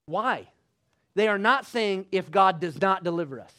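A man preaching a sermon emphatically, asking the congregation rhetorical questions and rising to loud bursts. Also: high voice, animated, unhurried.

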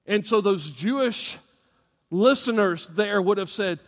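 A pastor preaching a sermon, emphatic and animated, with asides to the congregation. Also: male voice, high voice, unhurried, big-room sound.

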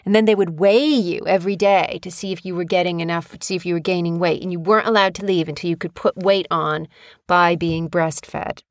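A woman's voice: on the low side, steady tone, fairly quick, dry recording, studio quality. A mother casually telling her young son a family story, chatty and rambling, acting out quotes with animation. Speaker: mother and vlogger.

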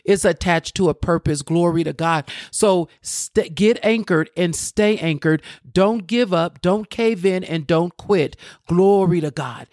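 A woman preaching an encouraging sermon, fervent, often breaking into praise and slowing down to read scripture aloud. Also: lowish voice, darkish tone, no room sound, clean studio sound. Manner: fervent, repeats praise exclamations. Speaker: preacher and podcast host.

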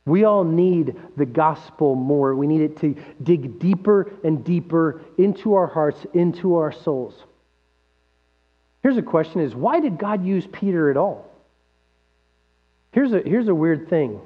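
A man preaching a sermon as pastor, animated, asking rhetorical questions and acting out quoted voices. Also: on the high side, measured pace, husky. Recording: dull lo-fi sound with long hall reverb and mains hum.

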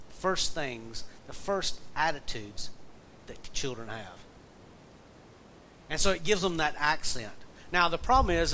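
A man preaching in an easy, folksy way, his voice sitting a little high for a man. He weaves stories and wry jokes into the message. A faint hiss sits under the recording. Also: bright, forceful tone, low-quality recording. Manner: folksy, storytelling, joking asides. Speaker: pastor and jail minister. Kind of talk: conversational sermon.

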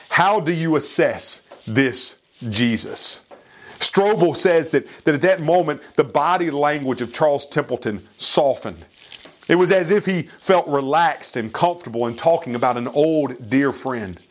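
A man with a fairly high voice preaches a sermon, retelling a story slowly and deliberately. His delivery is earnest and pleading.

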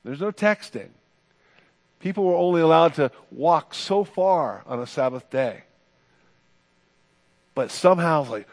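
Male pastor, sermon delivery, slightly high-pitched, expressive, acts out quotes. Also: unhurried, pauses often, in a large hall. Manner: expressive preaching, acting out quoted voices.

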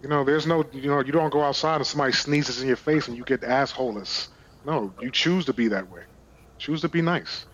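A man's voice: mid-range voice, fast talker, a bit bright, highs cut off, slight background noise. A man from Brooklyn, a podcast guest telling stories in a candid, casual way and swearing freely. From Brooklyn, New York. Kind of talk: casual storytelling.

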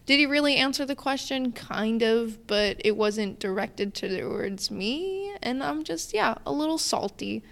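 High-voiced young woman ranting on a podcast. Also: unhurried, creaky, few pauses. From Wisconsin. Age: 20s. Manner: ranting, animated storytelling with many fillers. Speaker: podcast guest. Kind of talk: casual podcast chat.

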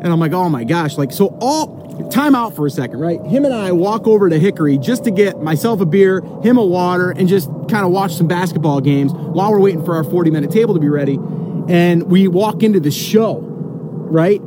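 A man's voice: sits high, lively intonation, brisk, noisy background. A man telling a long story to the camera, rambling with many fillers and restarts. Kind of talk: casual storytelling.

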